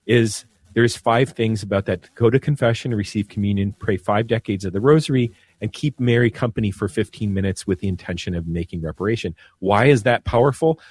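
A man, a priest, speaking earnestly on the radio about devotion, slow and measured, often repeating a word as he searches for it. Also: fairly low pitch, darkish tone, breathy edge, no room sound. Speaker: priest guest. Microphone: studio mic.

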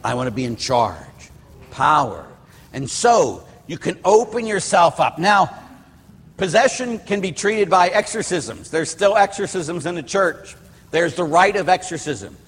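Middle-aged man, priest, sermon, rambling storyteller, slightly raised voice, husky, church hall reverb. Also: high voice, expressive, a little slow, a bit bright. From Pittsburgh. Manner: rambling storyteller, restarts and asides. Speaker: Catholic priest. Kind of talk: sermon with personal stories.

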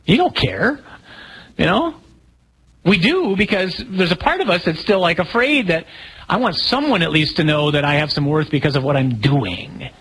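A man, a priest, teaching a live audience in a relaxed, humorous way, asking questions and telling stories. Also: fairly high pitch, moderate pace, a little hiss or hum, rough recording. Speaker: Catholic priest.

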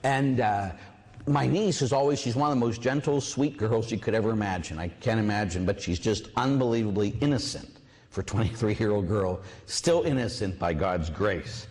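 A priest giving a sermon, telling a personal story with lively asides and acting out voices. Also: male voice, on the low side, moderate pace. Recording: long hall reverb.

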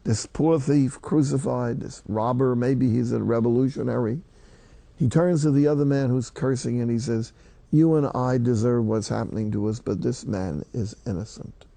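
A man's voice: medium pitch, moderate pace, gravelly, mellow, no echo. An older man, a priest, preaching a sermon in a folksy, emphatic way, quoting scripture.

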